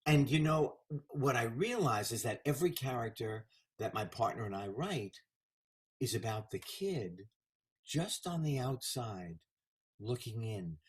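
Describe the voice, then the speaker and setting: A man in his seventies, a guest in a casual interview, telling animated stories about his career. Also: medium pitch, measured pace. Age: 70s. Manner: animated anecdotal storyteller.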